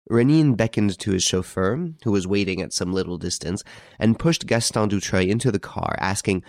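A male narrator reads a classic story in a measured, even manner. His voice sits fairly low, and the recording is dry and close with no room sound. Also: no room sound. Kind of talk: scripted audiobook narration.

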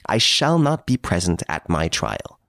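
A man voicing a suave gentleman thief who mocks the detective from his prison cell, urbane and playfully boastful. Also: low-pitched, sing-song, measured pace, gravelly, no echo, clean studio sound, heavily acted. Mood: teasing, smug.

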